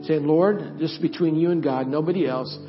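Pastor, male, high voice, earnest storyteller who eases into soft prayer, a slightly muffled church recording. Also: steady tone, brisk, music in the background. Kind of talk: sermon and closing prayer. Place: church sanctuary.

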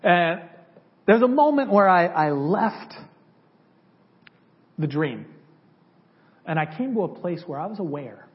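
A man tells his testimony to a church in a loose, conversational way, slipping into the voices of the people in his story. His voice sits a little high for a man. The recording is somewhat dull and lo-fi. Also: very animated, a little slow, long pauses. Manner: conversational, acts out dialogue from memory. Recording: slightly dull lo-fi audio.

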